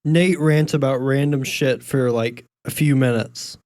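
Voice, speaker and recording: A man's voice: mid-range voice, steady tone, a little slow, a little mellow, no echo, clean studio sound. A man hosting a casual podcast, bantering and joking with his co-host.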